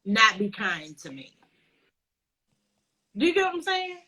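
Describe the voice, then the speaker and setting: A woman's voice: a little high, sing-song, unhurried, pushed and bright. A woman hosting a casual interview, playful and direct with her guest. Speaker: interview host. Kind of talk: casual conversation.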